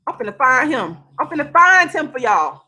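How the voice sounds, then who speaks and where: A woman giving heated, impassioned commentary on a video call, swearing and raising her voice, then pausing to apologize for yelling. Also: high voice, sing-song. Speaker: vlogger.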